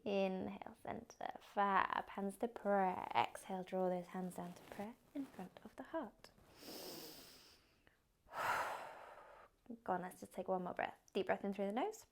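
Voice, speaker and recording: A young woman teaching a yoga class, giving calm, gently encouraging cues. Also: medium pitch, moderate pace, hardly any pauses, a little hiss or hum. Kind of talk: guided yoga instruction.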